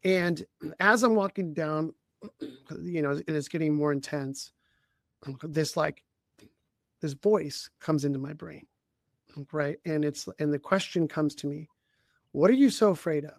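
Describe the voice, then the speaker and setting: In this conversational story, a podcast co-host and leadership coach recounts something personal in a somewhat higher-than-typical male voice. Halting delivery, repeated sentence restarts and constant throat-clearing mark his speech, and the sound is close and dry without any echo.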